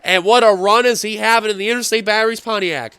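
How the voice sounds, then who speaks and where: A man giving play-by-play commentary on a simulated stock car race, getting excitable as the finish nears. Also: high-pitched, quick pace, smooth, no echo. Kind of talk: play-by-play sim racing commentary.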